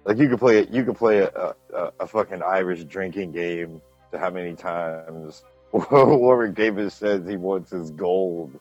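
A man with a very low voice co-hosting a film podcast, blunt and enthusiastic, cursing freely. The recording is dull and lo-fi, with a dry, close sound. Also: unhurried, hardly any pauses, a little mellow, no echo, soft background music. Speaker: podcast co-host. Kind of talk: casual chat.

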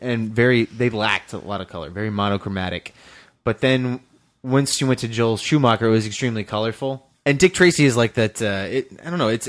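This is a mid-pitched man hosting a casual film podcast. He is animated and blunt, drops the odd curse, and jumps between opinions. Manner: animated, swears freely, opinionated. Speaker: podcast host and film editor. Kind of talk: casual chat.

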